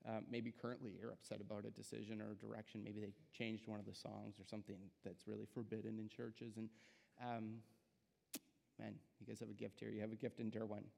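This guest preacher, a young adult man, has a fairly low, gravelly, warm voice that stays monotone and runs a little fast. Casual and self-deprecating, he fills his church sermon with filler words while the sanctuary adds long reverb.

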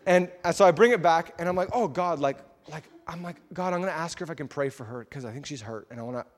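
A man's voice: on the high side, fast. Man preaching casually in a reverberant hall. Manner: casual, chatty, with fillers and laughs. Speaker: pastor. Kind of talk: sermon storytelling. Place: church sanctuary.

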